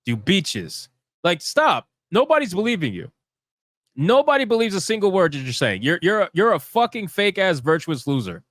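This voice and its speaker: Male live stream host, heated profane rant, lively swinging pitch, dry close sound. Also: fairly quick, dry recording. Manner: fired-up, profane and emphatic.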